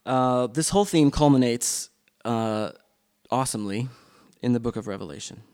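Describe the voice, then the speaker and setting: A man's voice: mid-range voice, normal speed, a little mellow, clear, resonant tone. A man leading a church class discussion in a loose, unscripted way, with frequent ums and restarts.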